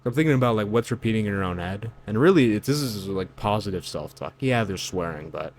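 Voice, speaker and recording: A man's voice: fairly low pitch, expressive, a little fast, a little hiss or hum. A man giving reaction commentary on song lyrics, incredulous and lecturing, with loose fillers and restarts. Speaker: online commentator.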